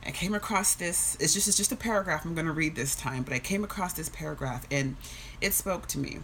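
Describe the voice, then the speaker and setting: A woman with a lowish, soft-spoken voice talks earnestly into her phone on a live stream. She sounds emotional, close to tears, restarting her sentences often. A faint hiss sits under the recording. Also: a little fast. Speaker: fitness social media host. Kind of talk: casual live-stream talk and reading aloud.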